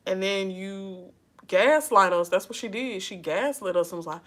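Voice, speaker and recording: A woman's voice: medium pitch, moderate pace, fairly bright tone. A woman giving casual advice in a vlog, sassy and chatty, often breaking into laughter. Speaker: advice vlogger. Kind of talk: casual chat.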